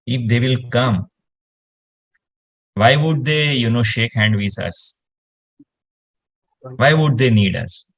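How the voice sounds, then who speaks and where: A man's voice: mid-range voice, takes it slowly, pauses often. A man, explaining space science in casual conversation and rambling with lots of "you know" fillers.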